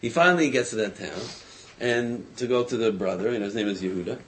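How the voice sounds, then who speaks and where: A man telling a folk tale aloud in a casual, halting way, full of fillers and restarts. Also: fairly low pitch, a bit bright, a little hiss or hum. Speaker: storyteller. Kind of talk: casual oral storytelling.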